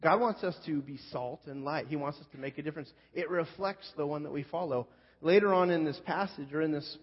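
A man preaching, with a voice pitched a touch high for a man. He tells a self-deprecating story in a relaxed, conversational way with plenty of fillers. The sound is somewhat dull and rings with a long hall reverb. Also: slightly rough. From California Central Coast. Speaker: pastor. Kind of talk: sermon storytelling.

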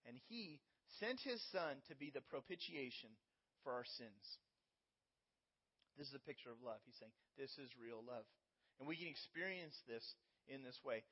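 A man's voice: mid-range voice, lively intonation, moderate pace, slightly rough, lo-fi sound. A man preaching a sermon as pastor, explaining scripture in an earnest teaching manner with everyday illustrations.

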